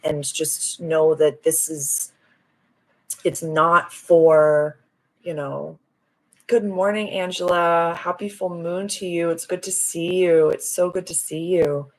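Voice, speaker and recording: A woman's voice: on the low side, steady tone, slow. A woman hosting a casual live stream as a spiritual healer, gushing and affirming as she answers viewer comments. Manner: soothing, affirming.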